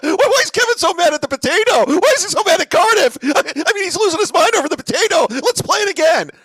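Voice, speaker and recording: A man putting on a shrill gloating online host. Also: lively intonation, quick pace, a bit bright, no room sound, clean studio sound.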